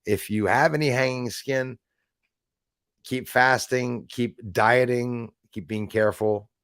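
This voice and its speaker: A man's voice: mid-range voice, steady tone, slow, a bit bright, clean tone, no room sound, clean studio sound. A man hosting a casual live stream, chatting with viewers by name and swearing casually. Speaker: livestream host.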